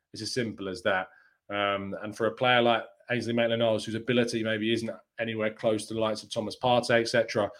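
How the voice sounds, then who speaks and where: Guy hosting a footy fan show live, chatty and upbeat, middle pitch, answers chat comments as he goes. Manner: chatty and upbeat, with frequent fillers and quick laughs. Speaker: football show host.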